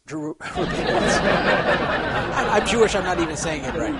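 A man giving casual commentary on social media posts, animated and laughing at his own remarks. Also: moderate pace, a loud crowd, very noisy. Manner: animated, acts out quoted voices with sudden pitch jumps. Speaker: poker commentator.

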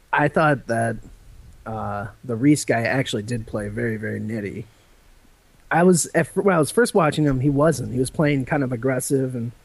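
A man's voice: mid-range voice, vocal fry, no room sound. Man, co-host, laid-back, casual swearing, dry close sound. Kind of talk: casual chat.

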